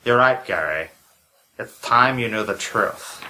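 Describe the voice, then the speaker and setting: A man voicing a secretive masked man of power, speaking slowly and solemnly in a comedy audio drama. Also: mid-range voice, expressive, sharp tone, slight background noise, pitched below the performer's own voice, rough recording.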